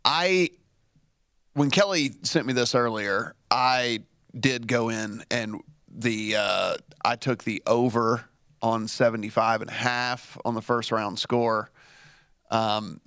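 A man co-hosting a sports betting chat who talks in a halting, restart-heavy way. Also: mid-range voice, fairly bright tone, smooth, no echo, clean studio sound. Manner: halting, full of fillers and restarts. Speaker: sports betting show co-host.

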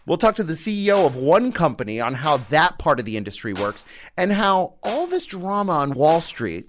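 A man hosting a podcast, reading a scripted opening in a conversational way with playful asides. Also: a little high. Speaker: podcast host.

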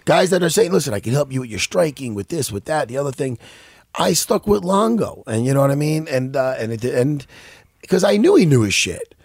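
A man's voice: mid-range voice, very animated, fairly quick, darkish tone, slightly rough, no room sound, clean studio sound. A man co-hosting a casual talk show, rambling and swearing, with lots of restarts. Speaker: podcast co-host. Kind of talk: casual profane chat.

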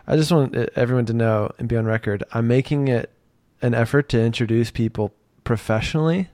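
A male podcast host chatting casually, joking and poking fun at himself. His voice is mid-pitched and sounds dry and close to the mic. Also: brisk, a little mellow, dry recording. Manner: joking, self-mocking, laughs often.

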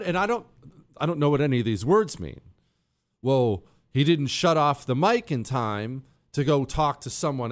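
A male talk radio host riffing on air in a loose, conversational monologue. His voice sits somewhat high and swings widely in pitch as he jokes, mocks himself, and leans into sarcasm. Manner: animated, sarcastic and self-mocking.

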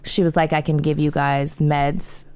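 A middle-aged woman in casual chat, telling animated stories full of profanity. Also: sits low, moderate pace, clear, resonant tone, no echo.

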